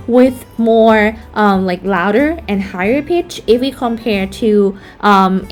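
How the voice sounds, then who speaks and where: A woman's voice: on the high side, a little mellow. A woman teaching a lesson in an explanatory way. She uses many fillers and keeps checking in with "right?". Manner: chatty, filler-heavy, with frequent "like" and "right?" checks.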